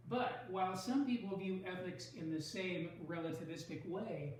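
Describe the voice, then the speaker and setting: A man teaching a recorded online writing lesson, explaining step by step in a measured way and leaning on key words. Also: sits high, very echoey, distant mic, a little hiss or hum, rough recording.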